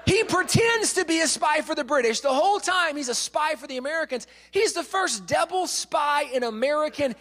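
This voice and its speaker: Man, lively storytelling speaker, high voice, long hall echo. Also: normal speed, few pauses. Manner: lively, acts out quotes, repeats words. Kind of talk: animated storytelling lecture.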